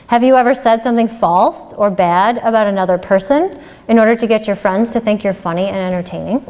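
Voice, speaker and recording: A woman's voice: mid-range voice, a little fast, a little mellow. A woman ethics lecturer giving a public lecture in a conversational way, posing rhetorical questions with occasional "um"s. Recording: long reverb of a lecture hall.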